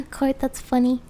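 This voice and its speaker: Young female streamer, chatty and giggly, rambles while drawing; high, warm tone. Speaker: streamer and artist. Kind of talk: casual live-stream chat. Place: home, background noise heard. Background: faint lawnmower noise.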